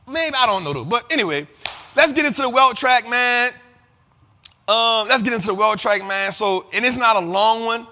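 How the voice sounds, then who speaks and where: A man hosting an investing show, talking in animated, profane casual commentary and often asking if listeners follow him. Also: very high-pitched, normal speed, big-room sound, slight background noise. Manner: animated and profane, keeps asking "you feel me?". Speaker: host of a money and investing show.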